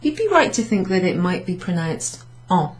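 A woman teaching a beginners' French class, explaining slowly and patiently with many ums and repeated French words. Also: fairly low pitch, sing-song, poor audio. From United Kingdom. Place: pub function room, recorded lesson.

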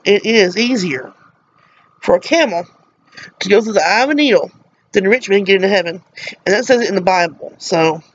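A woman's voice: mid-range voice, a little hiss or hum. A middle-aged woman with a Southern American drawl talks straight to camera, earnest and emotional. She preaches from her soapbox with heartfelt conviction. The recording is dull and lo-fi, like a home video. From Mississippi, USA. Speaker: vlogger.

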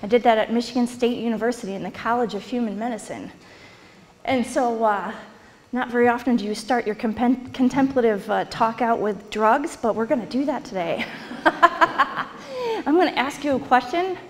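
A woman's voice: on the high side, a little fast, a little mellow. A woman presenting to a live audience in a conversational lecture style, chuckling and putting questions to the listeners. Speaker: workshop presenter. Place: hall or meeting room with an audience. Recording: long hall reverb.

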